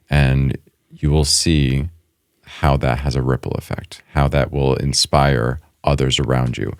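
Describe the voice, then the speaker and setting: A man's voice: a bass voice, dry recording, studio quality. A man co-hosting a podcast, speaking earnestly and from the heart, often checking in with "right?", and reading a prepared closing thought. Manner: reads a prepared closing statement. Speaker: podcast co-host. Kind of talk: reflective conversational podcast.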